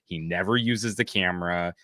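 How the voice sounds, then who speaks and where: Bright-voiced man chatting about tech. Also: low-pitched, normal speed, dry recording, studio quality. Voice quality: chatty, tangent-prone storyteller. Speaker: host. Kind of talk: casual tech chat.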